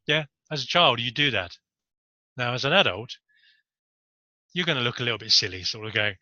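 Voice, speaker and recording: A man's voice: mid-range voice, expressive, a little fast, pauses often, sharp tone, dry recording, dull audio. A man giving a casual, rambling talk to camera on body language, with jokey asides.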